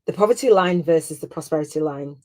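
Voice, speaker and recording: Host: middle-aged woman, low-pitched, emotional and chatty coach running a live masterclass. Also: lively intonation, fast talker, darkish tone. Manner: heartfelt and chatty, close to tears.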